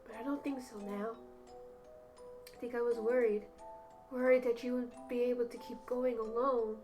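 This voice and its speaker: A woman voicing a frail, sickly boy who doubts himself, speaking quietly and hesitantly. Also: a little high, fairly even intonation, normal speed, soft background music, close to an everyday voice. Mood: sad, quiet.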